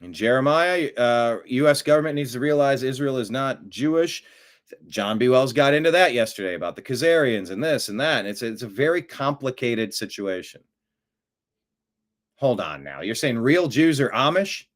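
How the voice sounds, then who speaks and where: A man hosting a talk show, giving rambling, opinionated political commentary that swings from mutters to loud outbursts. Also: medium pitch, animated, moderate pace.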